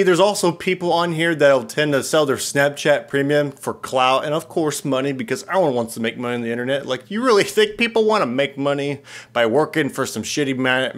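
A man's voice: mid-range voice, a bit bright. A young man giving casual, mocking commentary on dating profiles, laughing often as he reads them out. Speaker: YouTuber reviewing dating profiles.

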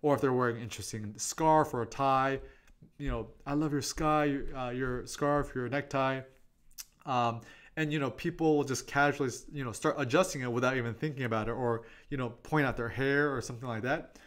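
Brief: a chatty, mid-pitched man giving a casual photography talk, anecdotal and full of fillers. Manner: chatty and quick, with many fillers and "I'm like" asides. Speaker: photography presenter.

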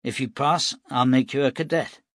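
A man's voice: medium pitch, normal speed, no room sound, natural voice. A man voicing a tall, easygoing militia captain who explains himself at length. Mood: measured.

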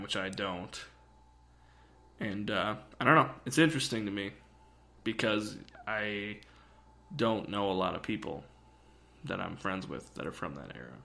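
A young man co-hosting a podcast, talking in a rambling, animated way. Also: on the low side, a little slow, creaky, long pauses. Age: young adult. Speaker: podcast co-host. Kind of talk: casual chat.

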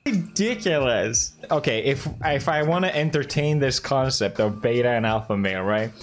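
A man's voice: medium pitch, lively intonation, normal speed, faint music behind. A YouTuber man in an opinion monologue, dismissive and argumentative.

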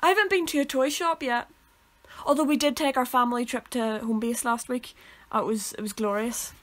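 A young Northern Irish woman co-hosts a relaxed podcast, rambling through stories and correcting herself along the way. Her voice sits fairly high for a woman. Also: brisk. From Northern Ireland. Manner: rambling, self-correcting storyteller. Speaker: podcast co-host. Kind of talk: casual chat.

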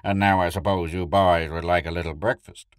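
A man with a deep, dry voice voicing a brisk, proud male hunting guide who talks loudly and eagerly in a storybook reading. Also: steady tone, clear, resonant tone, no room sound, close to an everyday voice.

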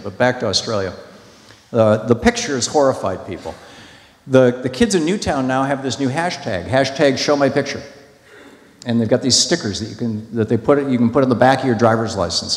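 A man speaks to an audience in a large hall, telling a story in a loose, conversational way. He restarts his sentences often and gets more emphatic as he goes. His voice sits at a middle pitch, and the room around him is echoey with a long reverb tail. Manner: conversational, with many restarts and fillers, growing emphatic. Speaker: speaker at a public talk.

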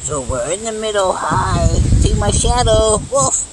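A man's voice: high voice, lively intonation, measured pace, very noisy. A man vlogging outdoors in the cold countryside, barking "woof" between sentences and talking about himself in the third person. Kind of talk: casual vlog narration. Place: outdoors in cold rural woods, later in a car.

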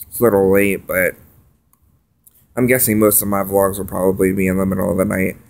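A man venting in a profane, agitated late-night vlog rant that swings between loud outbursts and quiet mutters. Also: deep voice, flat delivery, fairly quick, vocal fry. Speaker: vlogger.

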